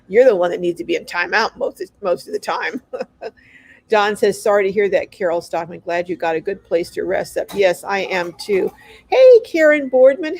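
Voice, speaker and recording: A woman's voice: medium pitch, a little mellow, no room sound. A woman hosting a live stream, chatting casually and reading out viewer comments. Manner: chatty and effusive, greets viewers by name.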